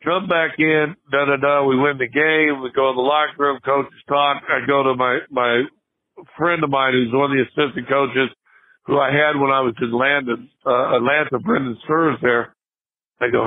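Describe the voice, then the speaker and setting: Animated older man on a phone line. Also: mid-range voice, moderate pace. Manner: animated, laughing storyteller with many restarts. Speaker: podcast guest, former basketball player. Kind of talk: casual storytelling. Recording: tinny phone-line sound.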